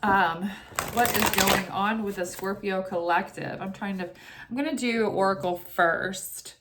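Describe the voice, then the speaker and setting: A woman's voice: medium pitch, fairly even intonation, unhurried, a bit bright. A woman doing a tarot reading in a chatty, casual way, full of asides like "you know" and "right?", who also recites short prayers. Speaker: tarot reader.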